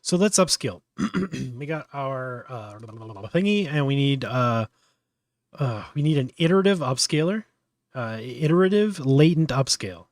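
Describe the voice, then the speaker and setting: A man's voice: medium pitch, lively intonation, a little slow, no room sound. Casual man talking through a tutorial. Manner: thinks aloud, many fillers and restarts. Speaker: host.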